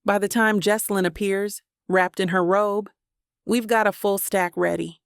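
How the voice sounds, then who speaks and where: A woman narrates a first-person romance audiobook in an intimate, even storytelling way. Her voice has a gravelly, fried edge at a middle pitch. The recording is dry and close, with no room sound at all. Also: normal speed, no room sound.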